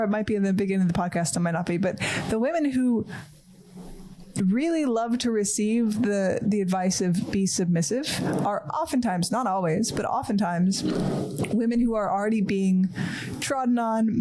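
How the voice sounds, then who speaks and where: A woman's voice: mid-range voice, warm tone, a little hiss or hum. A woman hosting a podcast, asking thoughtful questions and searching for her words as she talks. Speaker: podcast host. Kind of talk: casual podcast chat.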